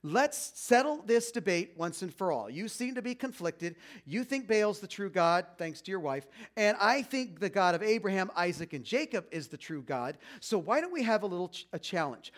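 A man's voice: high-pitched, very animated, moderate pace, hardly any pauses. A man voicing an ancient male prophet who is confident and taunting, speaking in a casual modern way. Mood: challenging. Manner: playful, challenging, casual modern phrasing.

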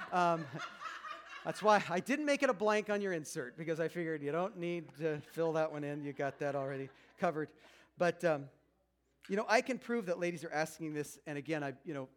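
A man's voice: fairly high pitch, slight background noise. A man in his fifties giving a chatty, self-mocking talk on marriage to a live audience, acting out quoted voices. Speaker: speaker at a marriage seminar.

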